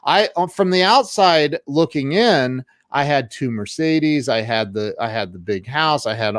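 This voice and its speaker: Middle-aged guy rambling through his story, lots of restarts, smooth voice, dry close sound. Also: medium pitch, measured pace, dry recording. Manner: rambling with many restarts, animated when quoting others. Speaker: guest, social media marketing coach. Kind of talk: casual personal storytelling in an interview.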